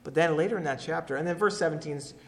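Emphatic male preacher, slightly high voice. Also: rapid-fire. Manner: emphatic, reads scripture aloud and repeats key phrases. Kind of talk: sermon.

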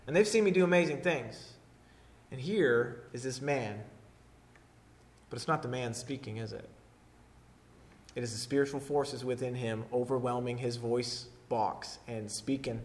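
A man preaching a sermon, moving between hushed, intimate lines and loud, forceful declarations. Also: mid-range voice, a little slow, pauses often. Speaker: pastor.

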